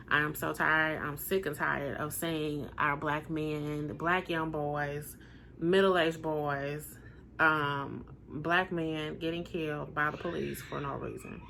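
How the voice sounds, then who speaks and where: A woman in her forties with a naturally deep voice, talking casually to camera in an earnest, emphatic way and repeating her points for weight. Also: vocal fry, fairly bright tone, slight background noise. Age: 40s. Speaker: vlogger sharing personal experiences.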